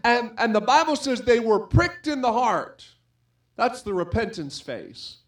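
A middle-aged man preaching with a fairly high-pitched voice. He speaks earnestly and conversationally, weaving personal stories into his sermon. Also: animated, unhurried. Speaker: pastor.

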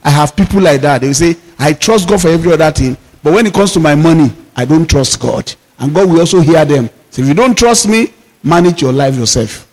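A male pastor delivering a sermon, drawing out emphatic declarations slowly. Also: a little high, lively intonation, a little mellow. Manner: preaching with emphatic slowed declarations. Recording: long reverb of a hall.

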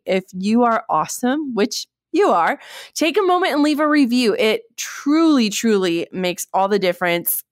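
A woman hosting a podcast, talking to her listeners in an energetic, enthusiastic way. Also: medium pitch, dry recording, clean studio sound. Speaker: podcast host. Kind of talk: upbeat podcast intro and ad reads.

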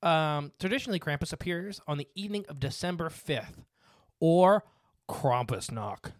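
A man's voice: on the high side, lively intonation, moderate pace, no echo, studio quality. A man hosting a casual podcast, reading from notes with fillers and asides. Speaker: podcast host.

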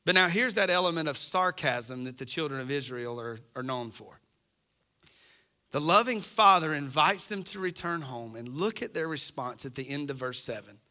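A man's voice: fairly high pitch, expressive, moderate pace, bright, forceful tone. A middle-aged man preaching a sermon as pastor, impassioned and acting out the voices he quotes.

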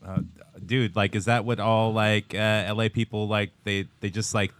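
A man's voice: on the low side, level tone, moderate pace, a bit bright, no room sound. A young adult man hosting a podcast, rambling in casual, profane banter and laughing often. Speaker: podcast host.

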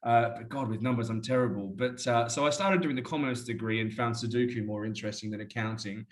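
An Australian man talks at an ordinary, middle pitch and tells stories in long, rambling runs. He is casual and chatty, and he keeps calling the listener "mate". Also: a little fast. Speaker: interview guest. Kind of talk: casual storytelling chat.

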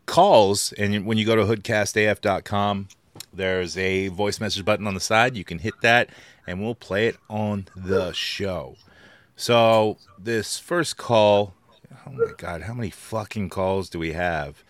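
A man's voice: fairly low pitch, fairly bright tone, no echo. A male podcast host in casual chat, laid-back and crude, introducing callers.

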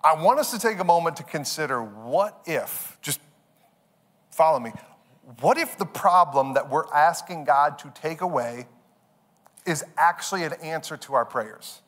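A man with a slightly higher voice delivers a sermon. He talks in a relaxed, conversational way, repeats key phrases, and slips into short acted voices for the people in his examples. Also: unhurried. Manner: conversational preaching with repetitions and acted asides. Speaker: pastor.

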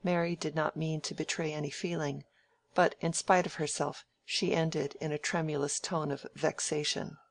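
An audiobook reader narrating a classic novel in a measured, quiet manner. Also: mid-range voice, flat delivery, vocal fry.

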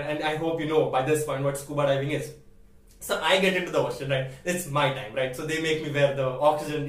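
A man's voice: a little high, reverberant, distant mic. A young man in his late teens telling a story casually as a vlogger, chatty, laughing often and asking "right?" again and again.

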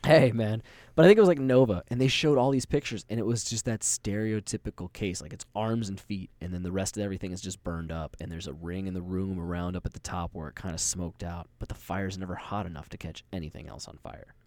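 A man's voice: deep voice, fairly even intonation, fast talker, darkish tone, no room sound. A young man co-hosting a podcast, telling stories in a rambling, casual way with easy swearing and laughter. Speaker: podcast co-host. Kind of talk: casual chat, storytelling.

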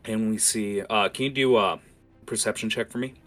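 Deep-voiced young man running a tabletop game. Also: fairly even intonation, normal speed, fairly bright tone, soft background music. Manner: rambling, many fillers, casual swearing. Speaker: game master.

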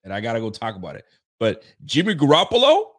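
A man hosting a relaxed sports talk show, his speech full of slang, laughter and teasing asides to his audience. His voice is lively and swings widely in pitch, sitting at an ordinary middle register for a man. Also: quick pace. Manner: joking, laughing, slangy and animated; talks to a live chat and audience. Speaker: podcast host. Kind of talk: casual sports chat.

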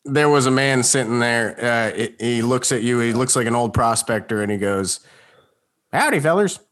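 A man narrating a tabletop game as game master in a relaxed, rambling way. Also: mid-range voice, normal speed.

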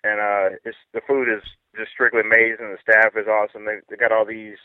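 A man's voice: lowish voice, level tone, fairly quick, no echo. A man calling in as a comedian guest, talking casually and rambling with lots of fillers. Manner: laid-back, rambling with many fillers. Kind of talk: casual chat. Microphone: phone. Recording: tinny phone line.

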